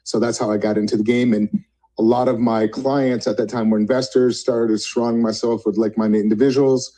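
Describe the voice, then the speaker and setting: Mellow-voiced man in his fifties telling stories. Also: medium pitch, level tone, fairly quick, low-quality recording. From Vermont. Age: 50s. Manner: rambling, self-correcting, acts out phone dialogue. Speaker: guest speaker. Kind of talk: casual storytelling on a video call. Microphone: video call.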